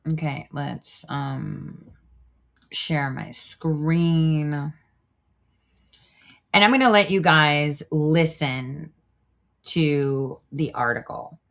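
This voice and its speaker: A woman's voice: low voice, drawn-out words, pauses often, a bit bright. A woman hosting a livestream show in a casual, chatty way, often trailing off while she works her screen. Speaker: show host.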